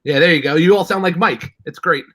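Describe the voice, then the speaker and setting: A man's voice: a little high, fairly quick, fairly bright tone, no room sound, low-quality recording. Chatty New York man, dry close sound. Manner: rambling, chatty storyteller with many restarts. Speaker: host. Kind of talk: casual chat.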